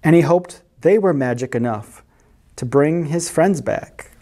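A library storyteller reading picture books aloud to children. The voice rises and falls in a very lively way, and the reading moves at an unhurried pace. Questions and explanations for the young listeners are woven into the story. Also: mid-range voice. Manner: animated, asks listeners questions and explains words.

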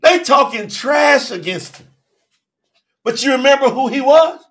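A man preaching in a strikingly high voice. His tone is bright and forceful. He talks in an emphatic, colloquial way and keeps turning to the congregation with direct questions. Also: animated, a little slow. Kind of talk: sermon.

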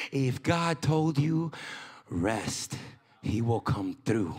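A man preaching a sermon as pastor, swinging from loud shouted passages to hushed low lines. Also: expressive, unhurried, breathy edge. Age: young adult. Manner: preaches with rising shouts and sudden hushed drops.

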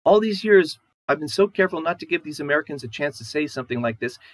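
A man reading aloud and voicing a distraught young wife, shrill and aggrieved, pleading through tears. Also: expressive, fast talker, close to an everyday voice, rough recording.

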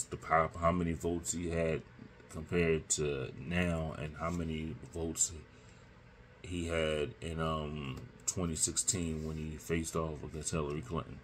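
A man hosts his own commentary podcast in a very low, unhurried voice. He speaks emphatically and circles back to repeat his key points. A faint ambient hum sits under the recording. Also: a bit bright. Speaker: podcast host. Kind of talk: solo political commentary.

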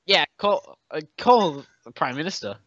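A man's voice: on the high side, sing-song, unhurried, fairly bright tone, no echo. A young man co-hosting a podcast in casual banter, crude and profane, with jokey outbursts. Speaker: podcast co-host. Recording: dull, lo-fi dry home recording.

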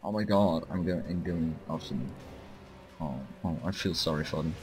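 A young man giving excitable, profane let's-play commentary as he plays a strategy game, often shouting at his units. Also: a bass voice, normal speed, faint music behind. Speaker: gaming channel host.

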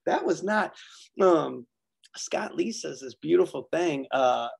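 Workshop speaker, man, raised pitch with a rough, gravelly edge, loose rambling stories. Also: expressive, slow. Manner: rambling, self-deprecating storyteller. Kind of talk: casual sharing at a recovery workshop.

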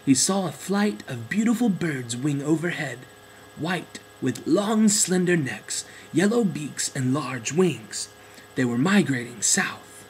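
A man narrating a children's storybook in a gentle, expressive way. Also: on the high side, unhurried, a little hiss or hum, rough recording.

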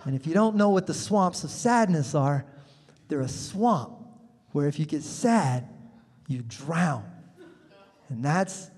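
A man doing a stand-up comedy set, telling stories with acted-out quotes and sudden shouted punchlines. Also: fairly high pitch, lively intonation, takes it slowly, long pauses, breathy edge. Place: comedy club stage. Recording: live in a large reverberant venue.

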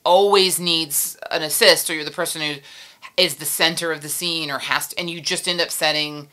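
A woman puppeteer being interviewed, talking in a casual, animated way with frequent laughs and trailing sentences. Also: sits low, normal speed. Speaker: puppeteer guest.

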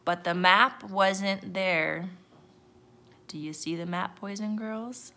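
A woman teacher reading a picture book aloud to children, lively and expressive. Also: medium pitch, slow pace.

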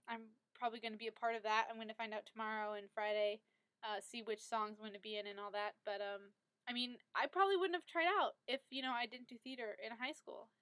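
A woman's voice: on the high side, a bit bright, no room sound. A teenage girl talking casually to her friends in a vlog, gushing and stumbling over her words when she gets emotional. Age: teens. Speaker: vlogger.

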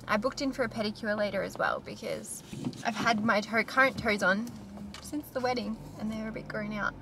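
A woman's voice: medium pitch, fairly quick, noisy background. A young Australian woman chatting candidly to camera in a casual vlog, swearing now and then. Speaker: vlogger.

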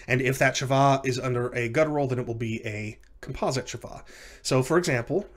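Man giving a recorded grammar lecture. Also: medium pitch. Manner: explanatory, with fillers and self-corrections.

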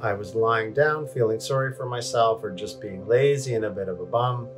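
Over music, a wellness vlogger with a lowish voice speaks at a moderate pace from a cold bath in his home bathroom, candidly coaching viewers to camera and poking fun at himself.

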